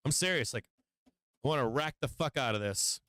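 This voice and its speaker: Male trading-stream host, casual and rambling, profane venting, smooth voice, dry close sound. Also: medium pitch, lively intonation, brisk, pushed and bright, no echo, poor audio. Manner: profane, venting frustration, laughing at himself; rambling with fillers and restarts. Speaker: livestream stock trading host. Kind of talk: casual live-stream market talk.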